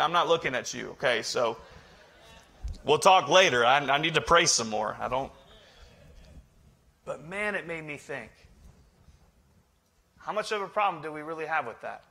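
A man's voice: medium pitch, expressive, moderate pace, long pauses, bright, forceful tone. A male pastor preaching a sermon in a joking, conversational way, teasing his congregation. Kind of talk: humorous sermon.

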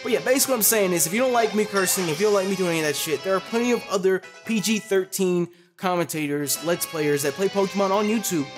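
A young adult commentating a Pokémon Let's Play, loud, profane and animated, with a desk mic and facecam. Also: medium pitch, fast, few pauses, music in the background. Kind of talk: gaming commentary.

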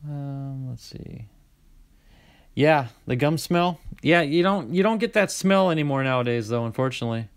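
A man hosting a casual card-opening video, reading out player names in a chatty way, with sudden bursts of excitement. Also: mid-range voice, normal speed, clear, resonant tone. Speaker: card-collecting channel host.

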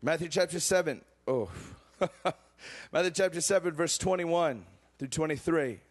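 A young adult man preaching a sermon, telling a personal story with emotional swings from excited to hushed. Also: a little high, measured pace.

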